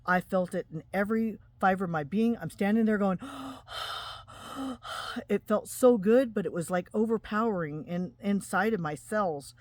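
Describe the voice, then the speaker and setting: A woman's voice: mid-range voice, dry recording. Earnest woman sharing a spiritual story. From Utah, USA. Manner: earnest, emotional, halting with restarts. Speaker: spiritual vlogger. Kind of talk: personal testimony to camera.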